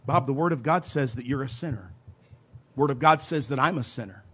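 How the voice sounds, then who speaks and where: A man preaching a teaching sermon, emphatic, slowing down to stress scripture phrases, with folksy asides. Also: medium pitch, lively intonation, fairly bright tone, slightly rough. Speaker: preacher teaching soul-winning. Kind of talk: sermon teaching with role-played witnessing.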